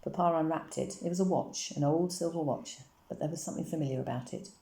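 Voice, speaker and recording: A woman reading a children's novel aloud in a calm, measured storytelling manner, in an echoey room. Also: deep voice. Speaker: reader.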